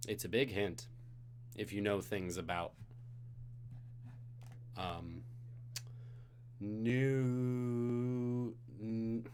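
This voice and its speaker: A male trivia host on a live stream, reading questions in a lively, swooping voice. He sounds tired but keeps joking with the chat between questions. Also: mid-range voice, slight background noise.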